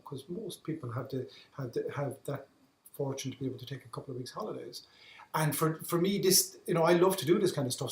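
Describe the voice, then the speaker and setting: An Irish man telling his story as a podcast guest, earnest, often repeating words as he restarts his sentences. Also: mid-range voice. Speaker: guest, endurance athlete. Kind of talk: reflective storytelling in conversation. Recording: roomy echo.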